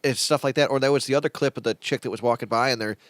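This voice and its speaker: Man, podcast host, rambling, stumbling over words, average pitch, dry close sound. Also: racing, a bit bright, dry recording. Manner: rambling, repeats words, swears. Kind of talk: casual chat over drinks.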